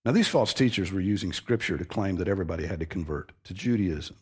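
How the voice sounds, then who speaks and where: Male preacher, low husky voice, steady emphatic sermon delivery. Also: fast talker. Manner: emphatic, earnest teaching with repeated stressed phrases. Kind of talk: expository sermon.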